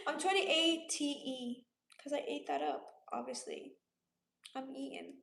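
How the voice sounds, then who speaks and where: A woman's voice: sits high, huge pitch swings, slow, a bit bright, roomy sound. A woman in her late twenties from Romania, casually chatting on a livestream, reading out viewer comments and answering them in a laid-back way. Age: 20s. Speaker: livestream host.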